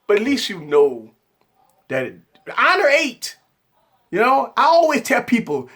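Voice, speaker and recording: Animated, husky-voiced male tech streamer. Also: high voice, a little slow. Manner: animated, repetitive, rambling, conversational. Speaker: tech channel host. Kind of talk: live stream chat.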